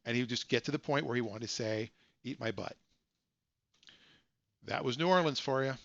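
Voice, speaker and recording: A man's voice: medium pitch, fast talker, fairly bright tone, no room sound, dull audio. Rambling man hosting a live stream. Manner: rambling, self-correcting storyteller. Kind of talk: casual live-stream chat.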